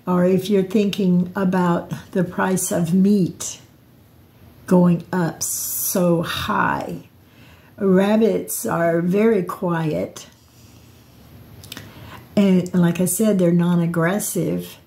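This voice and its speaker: A woman's voice: fairly low pitch, fairly even intonation, drawn-out words, creaky, warm tone. An older woman telling personal stories in a rambling, reflective vlog, often restarting her sentences. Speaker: vlogger.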